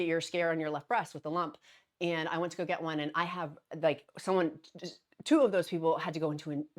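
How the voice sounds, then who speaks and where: A woman hosting her daily vlog, talking earnestly and encouragingly to viewers, with frequent restarts and little laughs. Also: low voice. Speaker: vlogger hosting a daily show. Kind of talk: casual direct-to-camera vlog talk.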